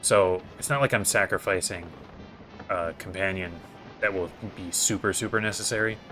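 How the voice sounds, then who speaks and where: A man's voice: sits low, steady tone, moderate pace, music in the background. A man giving casual gameplay commentary as host, thinking aloud in a hesitant way with many fillers. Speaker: gaming video host.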